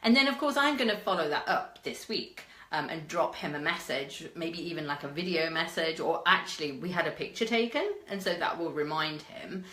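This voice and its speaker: A British woman with a low-set but bright, clear voice that swings widely in pitch as she tells her story. She talks in a chatty vlog style, full of fillers and asides, and the room around her has a noticeable echo. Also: lively intonation, normal speed, few pauses. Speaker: marketing coach. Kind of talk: casual advice vlog.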